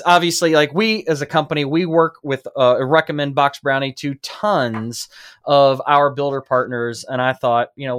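A man's voice: mid-range voice, a bit bright, smooth. A man hosting a podcast, talking in an upbeat, enthusiastic way as he interviews a guest. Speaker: podcast host.

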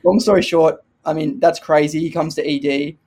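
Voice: medium pitch, moderate pace, husky. A clinician telling a funny emergency department story in casual chat, acting out the voices of others. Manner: lively, acts out the voices of others.

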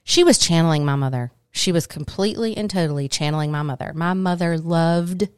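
A woman's voice: low voice, a little fast, clean tone, no echo, studio quality. A middle-aged woman, co-hosting a casual chat and telling stories with laughter. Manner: animated, laughing storyteller. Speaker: co-host.

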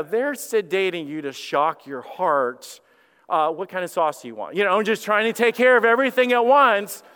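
A man's voice: a little high, clean tone. A middle-aged man preaching as a pastor, telling a story and acting out the voices of the people in it, with frequent repeated words. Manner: animated, acts out quoted voices, repeats words. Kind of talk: sermon storytelling. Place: church sanctuary. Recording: long hall reverb.

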